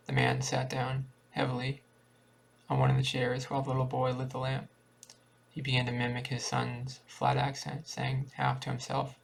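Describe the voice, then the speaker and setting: Creaky-voiced man reading a story. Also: mid-range voice, moderate pace. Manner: plain, steady reading with small restarts. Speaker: reader. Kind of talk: reading a short story aloud.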